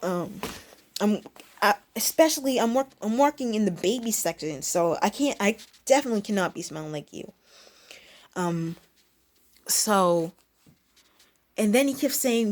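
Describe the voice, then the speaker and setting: A woman's voice: expressive, measured pace, pauses often. A young woman vlogger telling a story in a casual, rambling way, restarting sentences and mimicking people. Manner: rambling, self-interrupting, mimics others in high squeaky bursts.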